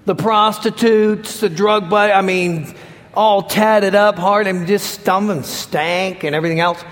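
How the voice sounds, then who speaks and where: A man preaching a sermon, telling stories with lively acted-out quotes and sudden shouts. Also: high-pitched, measured pace. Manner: animated storytelling, acts out quotes and shouts. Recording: long hall reverb.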